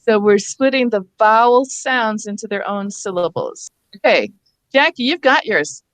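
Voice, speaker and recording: A woman's voice: on the high side, lively intonation, measured pace, fairly bright tone, dry recording. A woman leading a teacher workshop on reading over a video call, patiently sounding out words syllable by syllable. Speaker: reading instructor.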